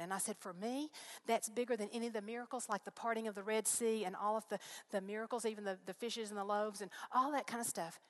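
A middle-aged woman giving a heartfelt personal faith testimony to a live audience, telling her story in an earnest, storytelling way. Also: medium pitch.

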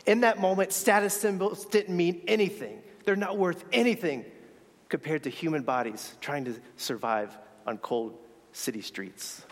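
A man's voice: high voice, moderate pace, in a large hall. A man telling a personal story in a sermon, earnest and reflective, sometimes restarting his words. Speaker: speaker sharing a faith story.

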